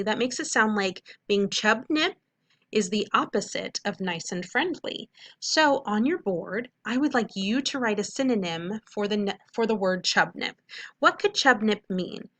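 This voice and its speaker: A woman teaching a recorded phonics lesson, walking through each step clearly and checking in with "okay?" after each point. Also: medium pitch, expressive, measured pace, pushed and bright.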